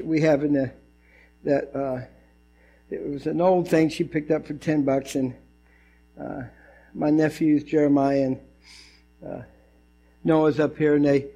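A man preaching a sermon as pastor, animated and conversational, with lots of asides and restarts. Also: on the high side, low-quality recording.

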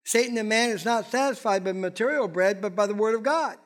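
A pastor voicing Jesus as a man who forcefully declares scripture back at the devil. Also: sits high, fairly quick, lightly acted. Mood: firm. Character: firm adult man rebuking the devil.

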